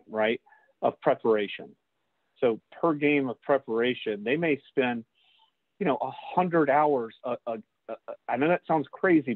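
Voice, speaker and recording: A man's voice: medium pitch, no room sound. A man, a lacrosse official, leading a casual training session and talking straight to the group, calling them guys. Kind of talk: casual instructional talk. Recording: dry, tinny phone-like line.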